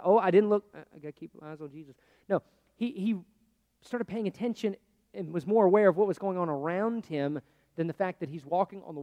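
A man preaching a sermon in a conversational way, swinging between loud, pressing lines and hushed, quiet ones. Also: high-pitched, long reverb tail, lo-fi sound. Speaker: pastor.

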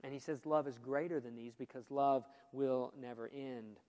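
A man preaching a sermon in a church, earnest and emphatic, often dropping his voice low for emphasis. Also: fairly even intonation, normal speed, a little mellow. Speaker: pastor. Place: church sanctuary. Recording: long reverb of a church hall.

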